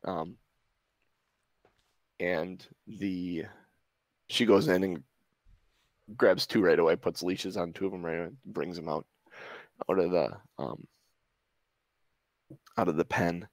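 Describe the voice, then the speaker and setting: A man running a tabletop game as game master, narrating in a relaxed, halting way with many fillers. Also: low voice, no room sound.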